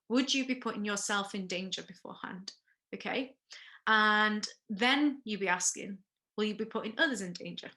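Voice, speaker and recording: Bright-voiced woman teaching first aid. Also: mid-range voice. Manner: explains step by step, pauses for questions, frequent okays. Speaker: first aid workshop instructor. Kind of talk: recorded classroom lesson.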